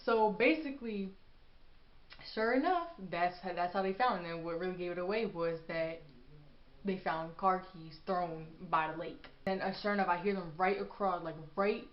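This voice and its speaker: A woman's voice: fairly low pitch, moderate pace. Young woman rambling thru a storytime vlog, lots of "like", echoey room, kinda muffled. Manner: rambling, animated storytelling full of fillers. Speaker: vlogger. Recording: echoey room, dull lo-fi sound.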